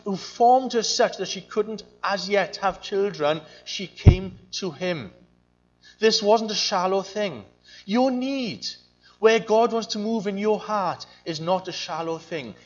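A man's voice: high voice, dull audio. A man preaching a sermon, earnest and searching, often repeating his phrases. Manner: earnest, repeats phrases, mimics voices in quotes.

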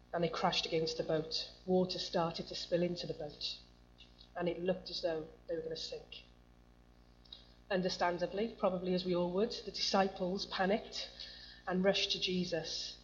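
A woman preaching a sermon to a congregation, reading scripture and asking the room questions in a conversational way. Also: lowish voice. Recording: muffled lo-fi recording with faint hum.

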